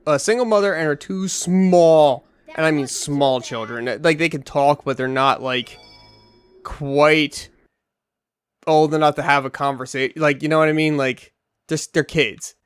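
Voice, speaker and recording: A man's voice: on the high side, unhurried, clear, resonant tone. A man co-hosting a gaming show, chatting casually and telling a rambling story, acting out the voices of the people in it. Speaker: co-host playing a video game. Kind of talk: casual chat while gaming. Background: faint game music.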